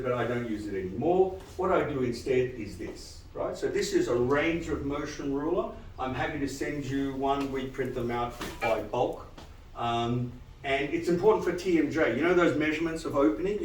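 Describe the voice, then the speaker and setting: A man giving a live lecture to dentists, animated and quizzing the audience with frequent questions. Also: medium pitch, normal speed, roomy sound, distant mic, a little hiss or hum, poor audio. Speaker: dental lecturer.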